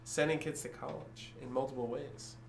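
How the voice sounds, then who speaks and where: A man's voice: mid-range voice, steady tone, moderate pace, gravelly. A man co-hosting a casual podcast, giving earnest opinions and often restarting his sentences. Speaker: podcast co-host. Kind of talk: casual chat.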